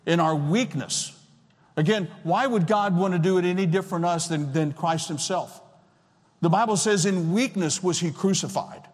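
A man's voice: high-pitched, normal speed. A man in his sixties preaching a sermon as pastor, emphatic and repeating key phrases. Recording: long reverb of a large hall.

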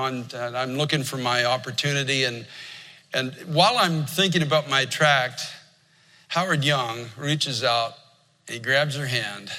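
A man's voice: mid-range voice, bright, forceful tone. An older man preaching a sermon as a pastor, earnest and storytelling. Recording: long hall reverb.

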